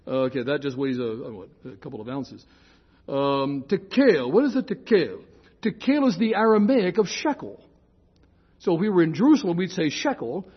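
An older man lecturing on scripture in a chatty, digressive classroom way, often correcting himself and slowing to spell out key terms. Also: a little high, expressive, slightly rough, highs cut off.

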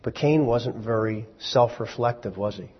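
A man's voice: medium pitch, moderate pace. A man preaching a sermon to a congregation in a conversational, wry way, full of rhetorical questions and asides. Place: church hall with congregation. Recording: echoey hall, dull lo-fi sound.

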